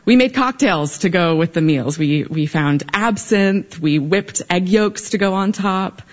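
A young adult woman telling a personal story to a live audience, animated, with big swings in pitch and emphasis. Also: a little slow, highs cut off. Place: live stage event.

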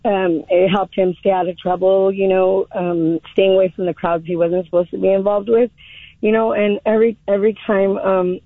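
Emotional woman calling in, flat voice, tinny phone line, keeps stopping and restarting. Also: medium pitch, no echo. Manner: emotional, halting, many restarts. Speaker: caller. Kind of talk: call-in radio chat.

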